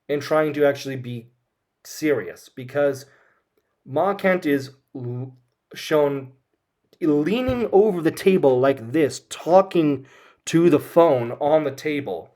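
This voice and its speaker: A man's voice: fairly high pitch, darkish tone. A man giving a casual, opinionated film commentary while recapping scenes. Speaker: film reviewer.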